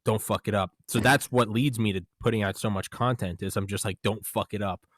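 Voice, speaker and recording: A young man tells a rambling story in casual podcast talk, quoting himself along the way and swearing freely. His voice sits fairly low. The sound is dry and close. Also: steady tone, fairly quick, a bit bright, dry recording. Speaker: podcast host. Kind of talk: casual conversation.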